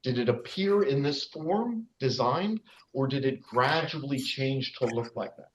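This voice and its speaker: A man with a mid-range, expressive voice delivers an informal wildlife lecture a little slowly, with slight background noise in a dull lo-fi recording. Chatty, he often checks in with his audience by asking "all right?", and his speech is full of fillers and restarts, as suits a lecturer and nature guide.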